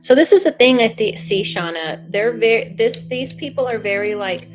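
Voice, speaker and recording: A young adult woman doing a live psychic reading keeps a moderate pace, her voice on the high side, with faint music playing behind her. The casual livestream chat is animated and chatty, and she frequently breaks off mid-sentence.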